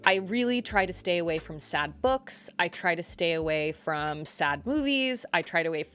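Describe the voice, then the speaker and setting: A woman's voice: on the low side, lively intonation, normal speed, a bit bright, faint music behind. A woman livestreaming, chatting casually and rambling as she reacts to her viewers. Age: adult parent. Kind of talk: casual chat.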